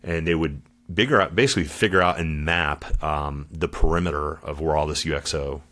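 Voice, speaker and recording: A man's voice: rumbling low, steady tone, a little fast, fairly bright tone. A middle-aged man, a former Marine guest on a podcast, telling his story in a casual, slangy way and calling the host dude and brother.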